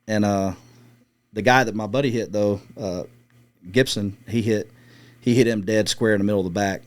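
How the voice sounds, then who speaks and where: A man's voice: on the low side, steady tone, moderate pace, long pauses. A middle-aged man, a former military sniper, casually telling a long story in an interview and swearing freely as he acts out the radio calls. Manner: profane, laid-back storyteller acting out radio calls. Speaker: guest, former Marine scout sniper.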